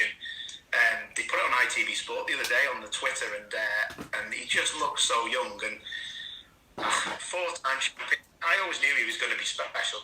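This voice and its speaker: A man in his forties, a racing driver turned commentator, telling stories in animated casual chat. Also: medium pitch, noisy background. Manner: animated storytelling with laughs. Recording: echoey room.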